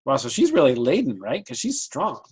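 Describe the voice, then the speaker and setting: Relaxed man running a tabletop game. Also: medium pitch, fairly quick, slightly rough, low-quality recording. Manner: relaxed, explanatory, laughs often. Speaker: game master.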